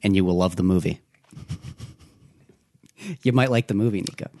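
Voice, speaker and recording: A man's voice: deep voice, moderate pace, a little mellow, no echo, clean studio sound. A man co-hosting a casual movie podcast who teases his co-host, laughs often and acts out little bits.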